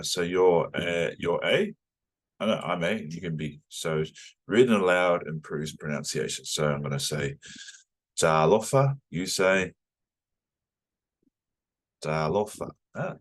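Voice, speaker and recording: Man, New Zealand accent, very deep voice, relaxed chatty language teacher, repeat-after-me drills. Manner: chatty, loose, repeats phrases for the learner to echo. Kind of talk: casual online language lesson.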